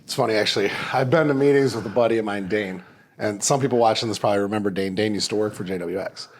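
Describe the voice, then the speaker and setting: A man's voice: on the low side, fast, a little hiss or hum. A man hosting a podcast, talking casually and animatedly, swearing freely and acting out the people in his stories. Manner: animated storyteller, swears freely, acts out quotes. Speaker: podcast host.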